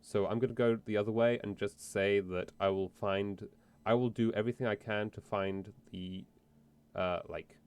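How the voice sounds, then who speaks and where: A man's voice: lowish voice, fairly even intonation, moderate pace, a little mellow, clear, resonant tone. Rambling, swearing male streamer. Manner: rambling, profane and self-interrupting. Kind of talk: casual let's-play chat.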